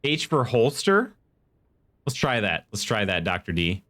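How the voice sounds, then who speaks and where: A man with a fairly low, slightly bright voice does casual live commentary on a horror game, unhurried and swinging widely in pitch. He chats with viewers, reads chat and in-game text aloud, and muses while playing.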